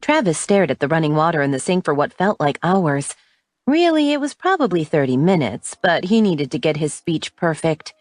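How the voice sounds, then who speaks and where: A woman narrating a romance audiobook in an expressive reading. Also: low-pitched, normal speed, no echo, soft background music.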